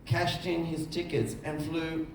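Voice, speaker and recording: On a festival stage before an audience, a man who directs films and heads the festival jury tells anecdotes in an on-stage conversation. His voice is fairly high and unhurried, with vocal fry, and he animates his stories by acting out other people's voices. The recording is echoey with a distant mic and slight background noise.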